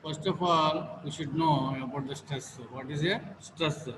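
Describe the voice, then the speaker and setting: A male teacher with an Indian English accent giving an online class lecture, halting, repeating each sentence and filling pauses with "uh". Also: a little high. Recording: echoey room with steady background noise.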